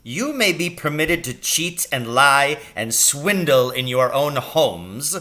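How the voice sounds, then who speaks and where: A man reading aloud, voicing a bullying strict male schoolteacher who barks and shouts. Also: mid-range voice, lively intonation, takes it slowly, voice pushed up. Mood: cold menacing. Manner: barking, menacing.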